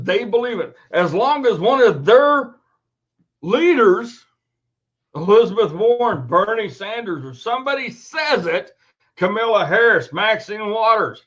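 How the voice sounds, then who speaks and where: A man's voice: very high voice, lively intonation, measured pace, a bit bright. A man hosting his own show, ranting angrily and swearing emphatically in an indignant tone. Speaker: host. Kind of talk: angry commentary rant. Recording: dull lo-fi recording.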